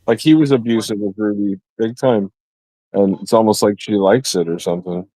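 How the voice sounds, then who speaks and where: A man's voice: on the low side, normal speed, warm tone, no room sound, rough recording. A man co-hosting a casual stream chat, making crude, offhand remarks. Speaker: co-host.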